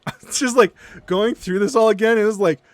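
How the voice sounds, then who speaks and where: High-voiced man telling a story. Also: a little fast, no room sound. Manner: animated, sarcastic, profane, stammering restarts. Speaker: streamer. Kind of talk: casual storytelling.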